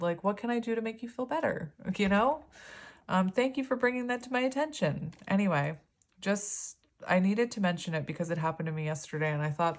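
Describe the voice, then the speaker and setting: A chatty woman giving a tarot reading straight to camera. Her voice sits a little low for a woman, and she rambles through her thoughts with fillers and small laughs. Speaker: tarot reader.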